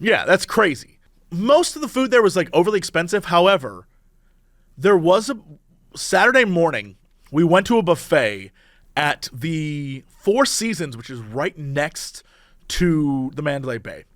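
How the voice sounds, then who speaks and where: A man's voice: a little high, a little slow, no echo, clean studio sound. A man co-hosting a podcast, telling stories in casual chat with lots of laughter. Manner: animated, laughing storyteller. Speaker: podcast co-host.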